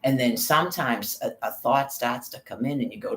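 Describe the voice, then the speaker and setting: A man's voice: medium pitch, moderate pace, fairly bright tone, roomy sound, low-quality recording. A man vlogging on a walk, talking in a rambling, profane monologue and calling out viewers by name. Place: outdoors on a walk.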